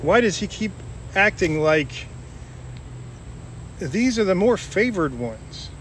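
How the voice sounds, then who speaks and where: A man's voice: high-pitched, sing-song, takes it slowly, slight background noise. A man giving an informal Bible talk, retelling a parable in a conversational way with restarts and fillers. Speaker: Bible teacher.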